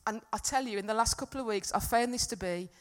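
A woman's voice: on the high side, fast. Earnest woman preaching. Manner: earnest, builds to loud emphatic peaks then drops soft. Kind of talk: sermon. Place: church hall with congregation.

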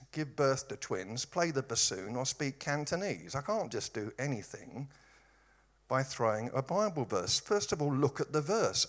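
This East London man speaks in a mid-range, somewhat bright voice with his local accent. He's preaching, weaving funny stories and wry digs into the sermon.

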